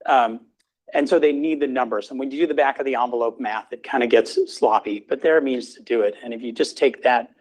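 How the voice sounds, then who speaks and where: A middle-aged man gives a grand rounds talk in a hospital lecture room and fields questions, talking fairly quickly in a mid-range voice. His informal delivery has lots of fillers and restarts, and the recording is low quality.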